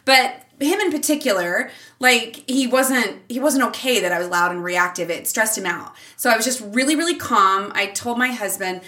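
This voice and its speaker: A bright, animated middle-aged woman, a teacher and mother appearing as a podcast guest, tells stories casually in an interview at a moderate pace with few pauses. She laughs often and jumps high in pitch when quoting herself, recorded on a distant mic.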